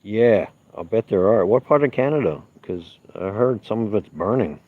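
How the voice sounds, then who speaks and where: A man with a notably deep, low voice talks in a relaxed, meandering way, answering viewer comments as he strolls outside at night. The sound is muffled and lo-fi, like a phone stream. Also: normal speed, no room sound. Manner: easygoing, rambling, low-key. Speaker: livestream host. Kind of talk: casual live-stream chat, reading viewer comments. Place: outdoors at night on gravel.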